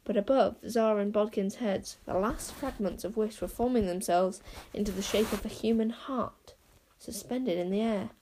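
A woman's voice: medium pitch, moderate pace, dark tone, rough recording. A woman reading an audiobook as narrator, telling the story expressively. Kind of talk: scripted narration.

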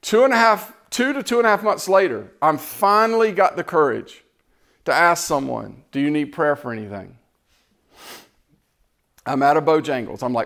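A man's voice: high-pitched, fairly quick. A man preaching in a casual storytelling way, acting out the lines of the people in his story. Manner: animated, acts out quoted exchanges. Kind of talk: storytelling sermon.

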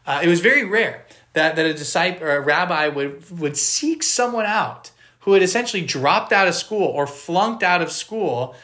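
A man's voice: on the high side, bright, forceful tone. A man giving a conversational Bible teaching on a podcast, earnest and explanatory, stopping to put questions to his listeners. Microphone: podcast microphone.

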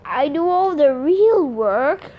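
A woman putting on a raspy grumbling male snake. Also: high voice, expressive, slow pace, lo-fi sound. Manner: grumbling, sarcastic.

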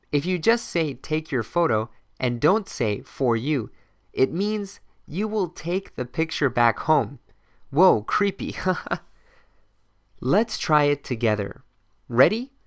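A man teaching English phrases in a scripted podcast lesson, modeling each phrase clearly for learners to repeat. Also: a little high, sing-song, takes it slowly, no echo, clean studio sound.

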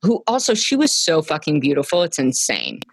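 A woman's voice: low voice, wildly swooping pitch, no room sound. A woman co-hosting a podcast in casual chat, gushing and swearing freely as she riffs. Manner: gushing, profane, fast-riffing. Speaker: podcast co-host.

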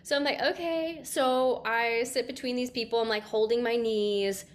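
Animated woman telling a personal story. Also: on the high side, normal speed. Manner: animated, laughing, acts out her own past lines. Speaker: guest, sound healing practitioner. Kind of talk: storytelling in a casual interview.

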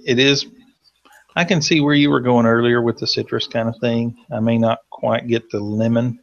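A man's voice: mid-range voice, creaky. A man from Tennessee with a light Southern accent, co-hosting a cigar podcast in casual chat and laughing often as he tells stories. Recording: dull lo-fi sound.

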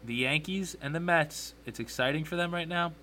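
A young man hosting a solo sports podcast, ranting with strong opinions, getting excited and correcting himself as he goes. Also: on the high side, moderate pace, a little hiss or hum.

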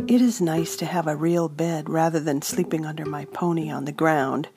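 A woman voicing a quick-tempered young woman wizard who speaks in sharp, sarcastic retorts. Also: sits low, over music.

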